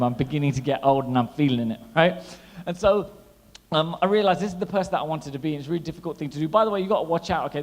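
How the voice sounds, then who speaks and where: A man in his thirties doing a stand-up comedy set, chatty and animated, teasing the crowd. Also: on the high side. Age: 30s. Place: large hall at a gala dinner. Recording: long hall reverb.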